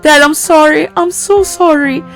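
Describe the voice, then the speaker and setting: A frightened, injured teen girl from a game, put on by a woman reader. Her voice sits high and strained and she keeps apologizing. Faint music plays softly behind her. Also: fairly even intonation, unhurried. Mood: tearful. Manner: pleading, apologetic.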